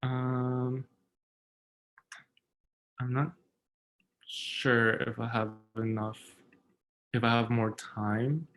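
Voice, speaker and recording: A young American man performs his spoken word poems in an even, level voice that barely rises or falls. Between pieces he drops into quiet, halting asides full of filler words before he starts the next reading. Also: medium pitch, poor audio. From United States. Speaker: poet.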